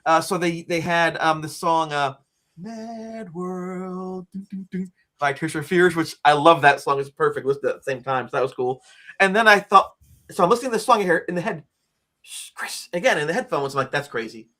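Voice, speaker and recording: A man of about sixty, a guest on an interview show, telling a personal story in a lively way and acting out the quotes. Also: fairly high pitch, fast talker. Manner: lively, acts out quotes and screams, frequent "like" fillers. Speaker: interview guest, author and teacher.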